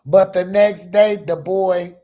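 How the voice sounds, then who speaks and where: Woman, middle-aged, unhurried drawn-out speech, emphatic, profane, casual storytelling to viewers. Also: fairly low pitch, steady tone, warm tone. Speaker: mother telling her story.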